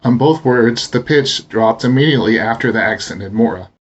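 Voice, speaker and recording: A man teaching a language lesson, explaining pronunciation slowly and deliberately. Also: medium pitch, husky, muffled recording. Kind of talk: instructional narration.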